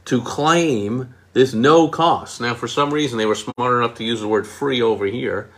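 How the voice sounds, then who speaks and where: A man's voice: medium pitch, moderate pace, fairly bright tone. A man, a marketing consultant, critiquing advertising copy in a casual explainer, punching key words with emphasis and mocking asides.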